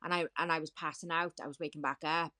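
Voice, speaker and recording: Low-voiced woman telling her story. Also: steady tone, fast talker, pushed and bright. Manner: vivid, repetitive retelling with quoted dialogue. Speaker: guest. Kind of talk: personal storytelling in a podcast interview.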